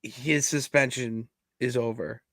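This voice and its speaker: Animated man on a podcast, dry close mic. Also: medium pitch, takes it slowly, no room sound. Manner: animated storytelling, bursts into loud laughs. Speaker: podcast co-host. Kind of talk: casual chat.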